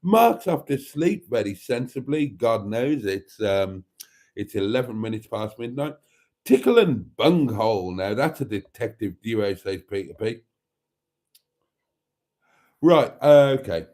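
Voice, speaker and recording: A man's voice: mid-range voice, expressive, unhurried, darkish tone. A man hosting a casual livestream, chatting and reading out viewers' comments in a chatty, theatrical way that calls them darlings. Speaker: livestream host.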